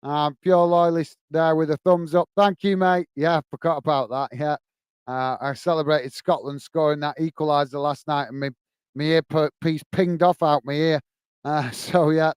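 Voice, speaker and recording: British man, live match watch-along host, chatty, slightly high voice, smooth clear tone, dry close mic. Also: steady tone, moderate pace, no room sound. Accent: British English. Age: adult, working age. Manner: chatty, reads out viewer comments, calls everyone mate. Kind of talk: casual live commentary and chat. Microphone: earpiece and close mic.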